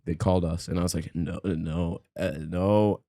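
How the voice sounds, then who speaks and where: Young male podcast host, low dry voice, rambling comic storyteller. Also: steady tone, moderate pace, warm tone, no echo. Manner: rambling storyteller, laughs often, heavy filler words. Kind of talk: casual comedy podcast chat.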